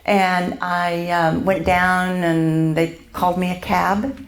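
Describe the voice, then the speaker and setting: An older woman sharing her personal faith testimony at a church event, halting, with many pauses and fillers. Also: fairly low pitch, level tone, roomy sound.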